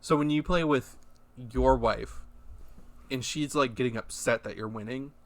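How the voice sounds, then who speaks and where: A man's voice: medium pitch, measured pace. A man co-hosting a podcast, chatting casually and swearing while telling a story about game nights. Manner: laid-back, swearing, tells anecdotes. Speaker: podcast co-host. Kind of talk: casual chat.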